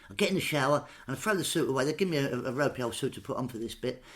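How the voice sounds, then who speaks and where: A comedian telling a comic anecdote from home in a lively, animated way, jumping up in pitch for the punchlines. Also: male voice, very fast. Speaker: comedian guest.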